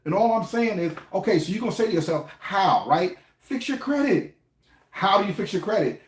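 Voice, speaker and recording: Middle-aged guy, african american english accent, chatty vlog talk, bit high voice, echoey room. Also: big pitch swings, brisk. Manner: conversational, repeats himself, asks viewers questions. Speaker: finance vlogger. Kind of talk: casual to-camera talk.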